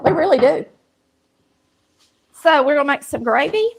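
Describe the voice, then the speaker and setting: Hosting a cooking show from her home kitchen, a country Southern woman chats folksily with viewers as she cooks. She speaks at normal speed in an animated, high voice with vocal fry, and the recording is low quality.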